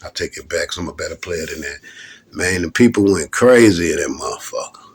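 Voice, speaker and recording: Man, middle-aged, very deep voice, husky, rambling profane storytelling. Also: lively intonation, fairly quick. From Louisville, Kentucky. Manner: loose, rambling, profane, keeps calling the listener "man". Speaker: rapper telling his stories. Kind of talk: casual profane storytelling monologue.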